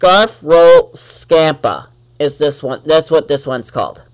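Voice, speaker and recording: Man, fairly high voice, unhurried gameplay commentary, chats at enemies, easily irritated. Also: expressive. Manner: talks to the enemies on screen, easily annoyed, exclaims. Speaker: let's-play gamer.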